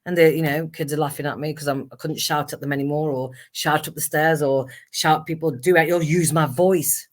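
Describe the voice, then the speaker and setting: A middle-aged woman, speaking as a guest actress and singer in a candid conversation. Her delivery is animated and emphatic, and she acts out remembered exchanges as she goes. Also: sits low, brisk, few pauses.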